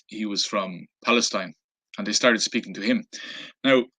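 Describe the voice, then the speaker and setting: A travel vlogger from Ireland casually tells a story from the road, meandering with lots of fillers and restarts. His lowish voice sounds pushed and bright with a breathy edge, and he keeps a moderate pace.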